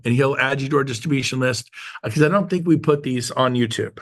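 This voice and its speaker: A man leading a real estate team meeting with a motivational talk, emphatic and repetitive, slowing down to stress his points to a live audience. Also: medium pitch.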